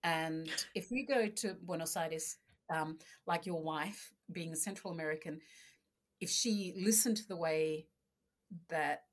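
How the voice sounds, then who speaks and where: A woman from Argentina, a podcast guest telling family stories in a casual, animated way and acting out voices. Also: low-pitched, measured pace. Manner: animated storyteller, acts out voices. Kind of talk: casual interview chat.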